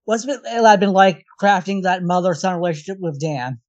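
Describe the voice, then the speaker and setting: A man on a podcast panel asking an interview question in a measured, careful way. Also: high-pitched. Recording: dull lo-fi remote audio.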